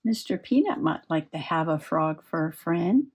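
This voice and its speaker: A woman's voice: sits low, expressive, moderate pace, darkish tone, breathy edge. A woman chatting and giggling as she works on a craft project. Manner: chatty, giggly, talks while working. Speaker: crafting vlogger. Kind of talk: casual crafting chat.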